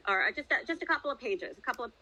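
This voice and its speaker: Middle-aged woman guest author, casual and hesitant, bright voice. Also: sits high, expressive, rapid-fire, rough recording. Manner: chatty, hesitant, many fillers. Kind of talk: casual podcast interview.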